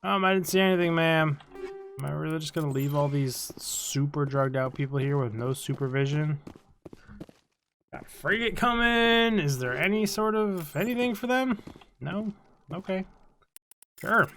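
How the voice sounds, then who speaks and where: A man's voice: a little high, animated, moderate pace, fairly bright tone, soft background music. A tired man giving casual, rambling commentary on a video game he is playing, swearing and joking at what happens on screen. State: tired, yawning. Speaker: let's play host.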